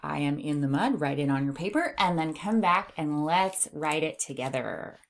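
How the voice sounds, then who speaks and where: A middle-aged woman teaching a phonics lesson to young readers. She sounds out sentences slowly, word by word, and hums while she scans the page for letters. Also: sits low, animated. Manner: slow, exaggerated word-by-word reading aloud. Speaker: reading teacher.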